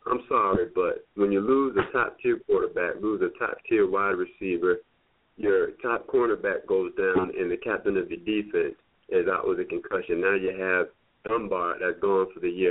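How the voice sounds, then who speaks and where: A man's voice: sits low, steady tone, moderate pace. A man co-hosting a casual sports talk podcast, speaking in a frustrated, emphatic way. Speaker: podcast co-host. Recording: tinny phone-line sound.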